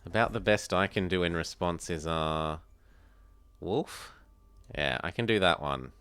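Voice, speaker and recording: A man's voice: deep voice, unhurried, a bit bright, clean tone, no room sound, soft background music. An Australian man from South Australia, chatting casually as he streams a strategy game, thinking aloud and answering viewers. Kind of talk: casual live gameplay commentary.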